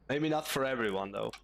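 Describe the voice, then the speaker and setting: A man's voice: medium pitch, vocal fry, fairly bright tone. A young man streaming a sim race, thinking aloud casually as he drives and tunes his car setup. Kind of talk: live-stream commentary while driving.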